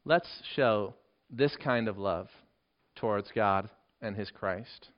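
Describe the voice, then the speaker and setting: A man preaching a sermon with earnest emphasis, dropping to a hushed voice for key points. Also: lowish voice, slow pace. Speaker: pastor. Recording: dull lo-fi sermon recording.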